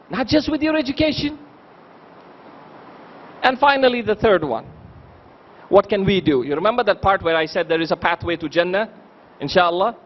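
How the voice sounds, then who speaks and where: A man's voice: high voice, muffled recording. A man speaking at a convention, telling stories and asking the audience rhetorical questions. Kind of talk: motivational speech with storytelling. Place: convention hall.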